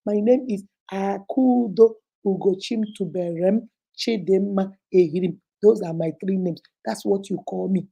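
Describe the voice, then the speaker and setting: A Nigerian-accented woman hosting a motivational talk. She keeps hammering home the same points in an emphatic, preachy way. Her voice is dark and mellow, with a husky, gravelly edge. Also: mid-range voice, a little slow. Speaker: motivational speaker and host.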